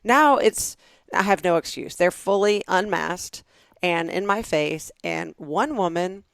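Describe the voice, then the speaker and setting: A middle-aged woman from the southern United States co-hosting a podcast, telling stories in a lively chatty way and acting out the voices she quotes. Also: fairly low pitch, measured pace, creaky, dry recording. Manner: animated storyteller, acts out quoted voices. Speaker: podcast co-host. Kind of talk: casual chat.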